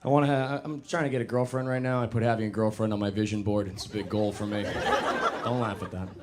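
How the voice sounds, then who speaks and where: A young man doing a stand-up comedy set on a club stage, self-mocking and animated, jumping into loud put-on voices. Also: fairly low pitch, quick pace, very noisy.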